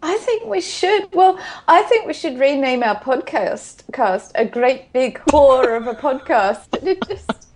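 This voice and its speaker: A woman's voice: high-pitched, a little slow. A woman with an Australian accent, co-hosting a podcast in casual, bawdy chat, giggling often as she tells stories. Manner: giggly, bawdy, animated storytelling. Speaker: podcast co-host. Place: home in Scotland.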